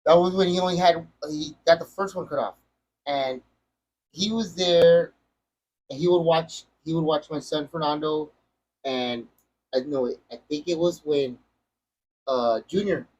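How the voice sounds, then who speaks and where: A man's voice: a little high, measured pace, long pauses, darkish tone, poor audio. A middle-aged man hosting a podcast, telling a story in casual chat and rambling with many restarts. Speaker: podcast host.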